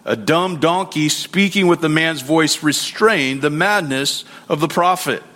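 A man preaching a sermon, retelling a scripture story with animated acted quotes and frequent restarts. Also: a little high, measured pace.

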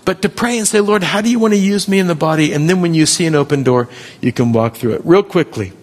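Husky man preaching in a reverberant hall. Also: on the high side, fast. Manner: animated, acts out quoted voices. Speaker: pastor. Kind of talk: sermon. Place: church hall.

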